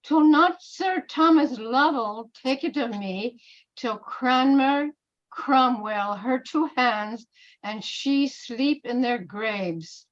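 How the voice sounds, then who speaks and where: A woman reading the part of a scheming male bishop in an amateur Shakespeare reading, with slow, deliberate verse delivery. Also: sits high, dull audio. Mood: conspiratorial. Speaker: reader in a play reading.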